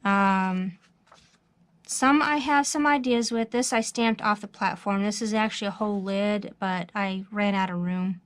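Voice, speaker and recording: A woman's voice: medium pitch, measured pace. Middle-aged woman, casual craft vlogger, chatty and easygoing, faint outdoor noise behind. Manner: chatty, relaxed, many fillers and ums. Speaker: craft channel host. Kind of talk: casual show-and-tell vlog. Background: pressure washer outside.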